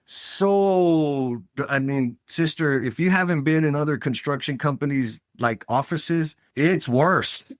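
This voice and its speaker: A man's voice: a little high, takes it slowly, hardly any pauses, dry recording, clean studio sound. A man hosting a podcast interview, telling stories in a blunt, emphatic way. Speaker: podcast host. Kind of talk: casual interview chat.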